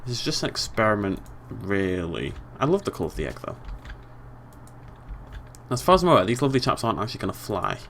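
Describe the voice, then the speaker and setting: Playful British gaming host, lively voice. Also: male voice, fairly low pitch, fast talker, vocal fry, pauses often, a little hiss or hum. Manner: chatty, playful, talks to the animals. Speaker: let's play host. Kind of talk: casual gameplay commentary.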